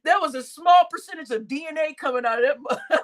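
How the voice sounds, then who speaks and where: A woman hosts a live stream, talking to her chat casually in crude slang and laughing often. Her voice sits high and she talks fast.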